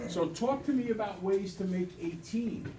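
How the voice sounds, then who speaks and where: A man teaching a math lesson to a class, quizzing students with quick questions in an upbeat way. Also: high voice, mellow. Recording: echoey classroom, distant mic, background noise.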